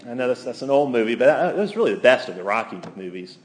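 A man delivering a sermon in an earnest, emphatic way, with a mid-pitched voice. He slows down to lean on key phrases and reads quotations aloud. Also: sing-song, slight background noise. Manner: quotes scripture and authors aloud. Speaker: preacher. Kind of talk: sermon to a week-long gathering.

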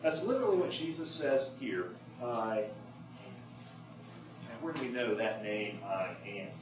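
A man preaching a sermon, who slows down and leans into key phrases for emphasis. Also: mid-range voice, animated, over music. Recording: echoey room, mic at a distance.

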